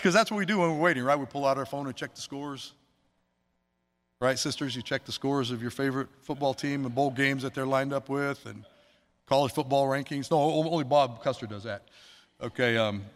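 A male pastor delivers a sermon in a loose, conversational way, tossing asides to the congregation. His voice sits at an ordinary middle pitch. It rings out with a long reverb from the church sanctuary around him. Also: fairly bright tone.

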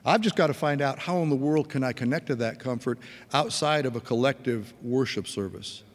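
A man's voice: mid-range voice, brisk. Earnest preacher man in a reverberant hall. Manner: conversational, earnest, with folksy asides. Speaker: pastor. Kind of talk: sermon.

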